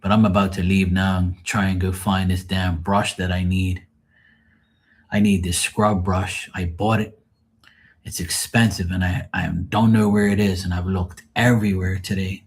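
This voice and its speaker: A man's voice: low-pitched, level tone, normal speed, husky. A man chatting casually to his livestream viewers, rambling and swearing freely in a joking way. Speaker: livestream host.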